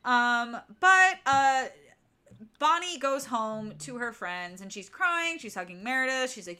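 A woman's voice: high-pitched, expressive, unhurried, pushed and bright, clean tone. A woman co-hosting a casual book-recap podcast, exasperated and ranting, swearing freely. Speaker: podcast co-host.

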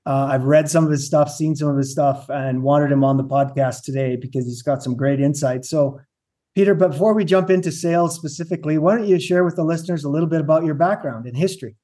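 Upbeat podcast host with a higher voice. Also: male voice, steady tone, warm tone. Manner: upbeat, with fillers and quick restarts. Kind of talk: casual interview chat.

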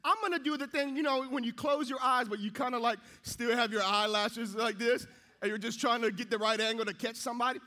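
Young male preacher, very high and forceful voice, animated storyteller. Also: a little fast. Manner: lively storytelling, acting out his own thoughts. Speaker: pastor. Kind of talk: sermon with a comic personal story.

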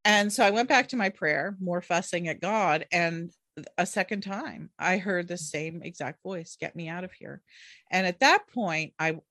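A middle-aged woman with a somewhat low voice recounts a personal story as an interview guest. She tells it with animation and laughs easily. The recording is dry and close, with no room around her. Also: animated, unhurried, a bit bright, no room sound. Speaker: author and guest.

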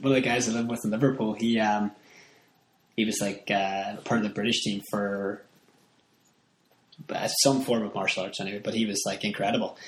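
A man's voice: lowish voice, steady tone, fairly quick, pauses often, slight background noise. A man with a Northern Irish accent telling stories in casual chat, rambling with many fillers. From Northern Ireland. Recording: echoey room.

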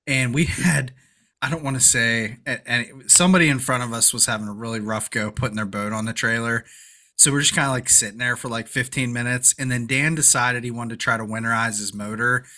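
A man's voice: mid-range voice, brisk. A man co-hosting a casual fishing podcast, telling fishing-day stories with lots of laughter. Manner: animated storyteller, laughs hard. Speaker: podcast co-host. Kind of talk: casual chat.

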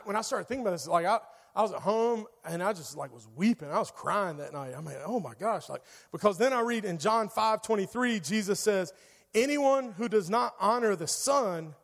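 A young man, a youth pastor, preaching a casual, animated sermon full of asides and "like". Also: high voice, long reverb tail. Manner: casual, animated storytelling with lots of "like".

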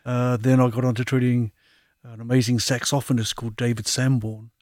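A man who works as an osteopath and acupuncturist, telling anecdotes as a guest in a relaxed, chatty way. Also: mid-range voice, fairly quick, dry recording, clean studio sound. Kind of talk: conversational anecdotes.

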